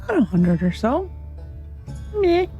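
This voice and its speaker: A woman's voice: medium pitch, animated, unhurried, a little mellow, soft background music. A woman hosting a video game playthrough, chatting casually in a rambling way full of hesitant fillers. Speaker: gaming channel host. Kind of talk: casual let's-play commentary.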